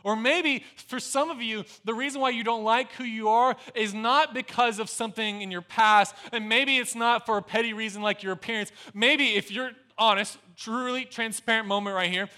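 A young male pastor preaches with earnest storytelling, his voice sitting high. The tone is bright and ringing. He slips into a hushed softness when he prays. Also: fairly even intonation, moderate pace, hardly any pauses. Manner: storytelling, earnest, dropping to a soft hush in prayer. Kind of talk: sermon.

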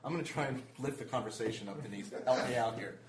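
A man's voice: mid-range voice, fast. A man hosting a casual chat, joking and steering the talk to new questions. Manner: jokey, steers the conversation. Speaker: podcast host. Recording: echoey room.

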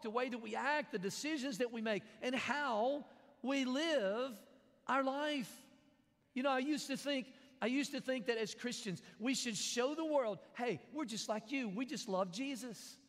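Male pastor, high-pitched, folksy preaching in a reverberant church hall. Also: moderate pace. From American South. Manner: conversational preaching with jokes and repeated phrases. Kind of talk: sermon.

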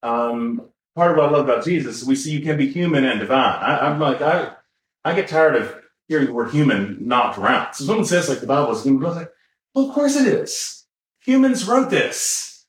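A man with a medium-pitched, expressive voice talks fast while co-hosting a casual podcast chat. He rambles and corrects himself, full of filler words and chuckling as he goes, and the room has an echo.

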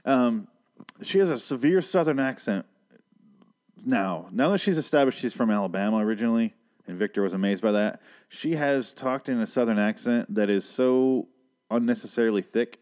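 A man's voice: medium pitch, normal speed, a little mellow. A man casually recapping a TV episode in a profane, sarcastic, rambling way.

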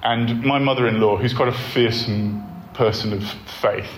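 A man leads a church course, talking earnestly and telling personal stories in a sermon-like way, often pausing on ums and restarting his sentences. His voice sits in a middle register and carries through a roomy hall. A faint hum of noise stays underneath. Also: medium pitch, fairly even intonation. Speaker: church leader giving a course talk.

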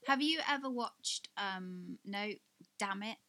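A woman co-hosting a podcast, chatty and quick to laugh, asking lively questions. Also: mid-range voice. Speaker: podcast co-host. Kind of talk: casual chat.

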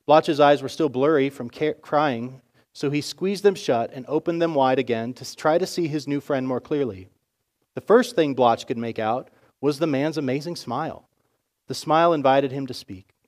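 A male pastor narrating a story in a sermon with expressive storytelling. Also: medium pitch, moderate pace.

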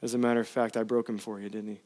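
A man preaching a sermon, impassioned, climbing to pleading highs and then dropping quiet and intimate. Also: flat delivery, very fast. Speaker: pastor.

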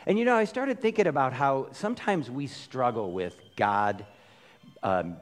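A man preaching a sermon as a pastor, casual and conversational, with lively asides as he retells a story. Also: medium pitch, unhurried. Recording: long reverb of a large hall.

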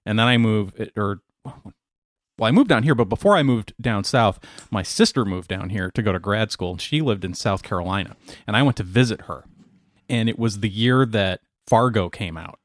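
A man with a Wisconsin accent tells stories in a relaxed podcast chat, his voice sitting low. He acts out the voices of people he met and laughs easily. The sound is dry and close, with no room around it. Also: normal speed, no echo. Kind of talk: casual chat.

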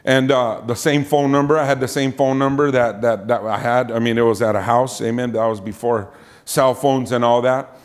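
A man's voice: medium pitch, moderate pace. A man preaching and telling a personal story, acting out the voices he quotes and often saying "amen.". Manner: animated, acts out quoted voices, frequent "amen". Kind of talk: storytelling sermon.

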